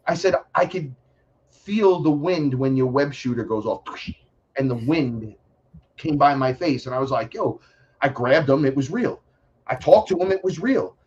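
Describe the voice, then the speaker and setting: A man in casual interview talk, animated and profane, often slipping into voices for the people in his stories. His voice sits in an ordinary male middle range. The recording is a bit dull and lo-fi. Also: mid-range voice, normal speed, a little hiss or hum. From New York City. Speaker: podcast guest.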